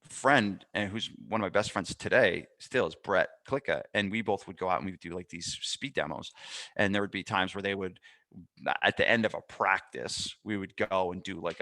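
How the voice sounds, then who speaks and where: Bright-voiced man hosting a podcast. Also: mid-range voice. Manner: animated storytelling with frequent restarts. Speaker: podcast host and fitness business mentor. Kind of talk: casual podcast chat.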